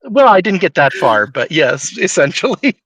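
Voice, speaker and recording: A man's voice: high-pitched, sing-song, normal speed, fairly bright tone, dry recording, poor audio. A man co-hosting a casual book podcast, playful and joking. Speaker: podcast co-host.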